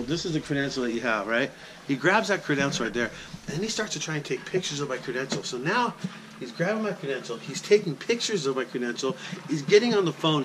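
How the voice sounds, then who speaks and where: A man's voice: fairly high pitch, background noise. Chatty man telling a vlog story. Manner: animated, chatty, talks straight to the viewer. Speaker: sports announcer.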